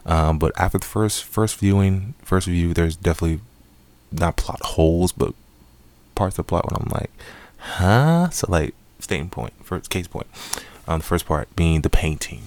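Man, very low voice, gravelly fry, casual rambling film review, lots of fillers. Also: fairly even intonation, normal speed, a little mellow. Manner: rambling, many fillers and restarts. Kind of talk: casual spoken movie review.

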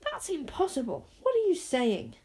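A woman's voice: fairly high pitch, sing-song, moderate pace. A woman playing a stubborn, flustered young girl. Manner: dismissive, flustered.

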